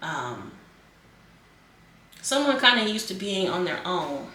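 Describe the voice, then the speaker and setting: A woman's voice: mid-range voice, big pitch swings, slow pace, bright, forceful tone, reverberant, far from the mic. A woman giving a casual tarot reading, chatty and rambling, with many fillers and repeated phrases. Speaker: tarot reader.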